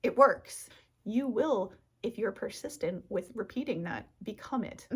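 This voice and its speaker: A woman's voice: medium pitch, expressive, a little slow, breathy edge. A woman talking to camera in a casual rambling monologue as a self-help vlogger, tripping over her words, losing her train of thought and giggling.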